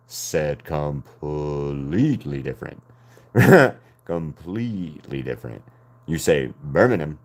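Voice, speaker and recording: An American man with an extremely deep, low voice chats casually with his viewers while he draws. He rambles from one thought to the next and breaks into laughter often. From United States. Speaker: artist streaming to chat. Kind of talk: casual chat while drawing.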